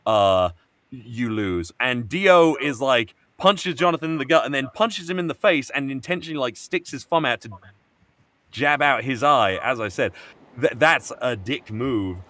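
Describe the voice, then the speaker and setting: A man chatting casually on a group call, retelling a story in a rambling, animated way, full of fillers and restarts and casual swearing. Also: mid-range voice, normal speed, dry recording. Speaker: stream co-host. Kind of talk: casual chat retelling an anime plot.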